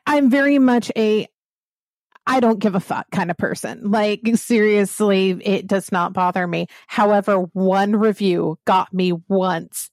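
A woman's voice: medium pitch, dry recording. A woman from the American South with a Southern accent, a podcast host talking bluntly and with some profanity in a roundtable discussion.

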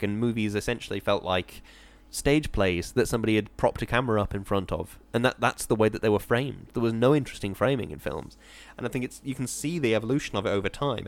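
A man's voice: fairly low pitch, no room sound. Chatty man, easygoing and rambling. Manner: rambling, hedging with "sort of", gentle enthusiasm. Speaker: podcast co-host. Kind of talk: casual chat.

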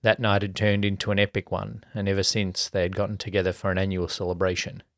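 Aussie guy reading a spicy story, low voice, pretty flat delivery, dry close sound. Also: fast talker, dry recording. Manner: even storytelling, colloquial mates' banter. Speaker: podcast narrator. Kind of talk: reading an erotic story aloud.

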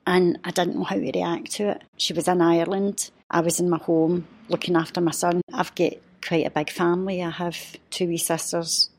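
A woman, a podcast guest telling a personal story in a heartfelt, halting way. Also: on the low side, flat delivery. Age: 50s.

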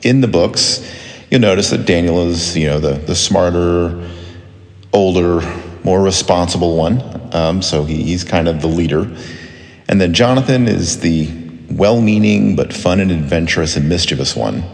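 A man's voice: deep voice, normal speed, darkish tone, in a large hall. A man who writes children's books, chatting in an upbeat, conversational way as he introduces his stories and reads from them. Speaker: children's author and songwriter. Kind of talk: introducing and reading his book.

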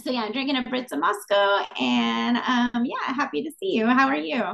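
A woman's voice: sits high, moderate pace, vocal fry. A middle-aged woman co-hosting a casual podcast over a video call, a little tired, chatting with laughs and many fillers. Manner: warm, laughing, rambling with fillers. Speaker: podcast co-host. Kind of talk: casual chat over beer.

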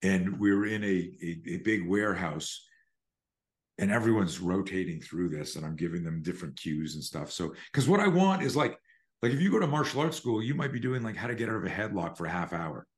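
Animated, profane middle-aged instructor. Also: male voice, deep voice, fairly quick. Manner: animated and profane, acts out scenarios. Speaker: self-defense instructor, podcast guest. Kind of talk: conversational podcast interview.

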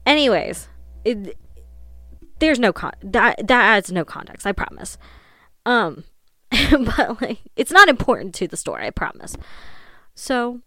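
A woman's voice: fairly high pitch, big pitch swings, a little slow, pauses often, sharp tone, no room sound, clean studio sound. Chatty young woman telling spooky stories. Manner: chatty, swears freely, laughs often, trails off. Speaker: podcast host. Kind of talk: casual storytelling.

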